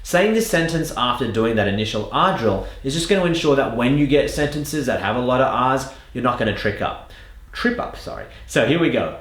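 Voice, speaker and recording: Australian male accent coach, patient and emphatic, very lively intonation, echoey room. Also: medium pitch, brisk. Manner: patient, emphatic, drawing out key words. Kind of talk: instructional lesson with spoken demonstrations.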